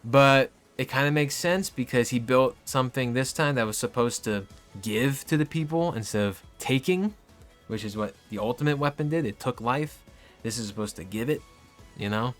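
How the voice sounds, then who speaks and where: A young man in casual, rambling game commentary, swearing often and turning loud and exasperated as he vents. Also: medium pitch, moderate pace, faint music behind. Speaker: video game reviewer.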